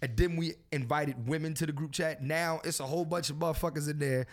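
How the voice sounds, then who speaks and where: A man's voice: fairly high pitch, fairly even intonation, quick pace. A man hosting a casual podcast, talking in a profane, preachy and joking way. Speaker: podcast host.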